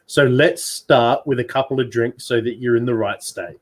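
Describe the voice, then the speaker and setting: A man taking part as a player in a tabletop game, trading quick, joking banter. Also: mid-range voice. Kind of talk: casual tabletop chat.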